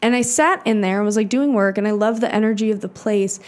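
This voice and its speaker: A twenty-something podcast co-host speaks quickly in a mid-range voice. She keeps things casual and chatty, dropping "like" constantly, swearing freely, and acting out quotes.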